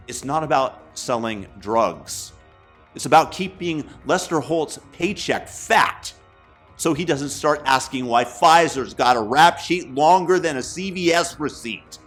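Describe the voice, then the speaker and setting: A man rants through a satirical commentary in a mocking, sarcastic tone. His voice sits a little high and swings widely in pitch. He takes his time, drawing out each jab. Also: expressive, a little slow, a bit bright, faint music behind. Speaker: commentary host.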